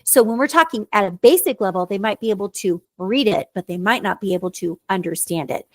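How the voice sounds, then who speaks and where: A woman's voice: mid-range voice, a little fast, dry recording. A woman tutor co-hosting a casual chat about reading, earnest and explanatory. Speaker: tutor and podcast co-host.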